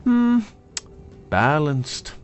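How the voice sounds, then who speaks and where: A man's voice: fairly high pitch, sing-song, extremely slow, smooth, voice pushed up, exaggerated voice. A man narrating a fantasy story, voicing a blunt, hearty blacksmith wife. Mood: tender.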